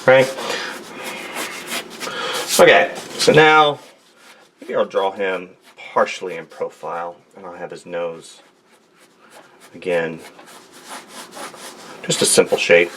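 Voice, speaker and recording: A man's voice: deep voice, fairly even intonation, unhurried, long pauses, a bit bright, a little hiss or hum. A man talking casually and rambling through a drawing demonstration at his desk, joking and talking to himself as he works. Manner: rambling, jokey, talks to himself while drawing. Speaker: artist. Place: home studio desk.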